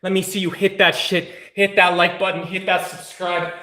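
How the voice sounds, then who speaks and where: A man's voice: sits high, flat delivery, moderate pace, sharp tone, echoey room. A man streaming a casual live workout, mixing hyped, joking, profane chatter with soothing exercise cues. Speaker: fitness streamer.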